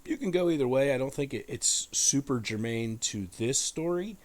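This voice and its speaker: A man's voice: medium pitch, expressive, moderate pace, a little mellow. A man hosting an irreverent Bible commentary in a casual, profane, joking way. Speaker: host.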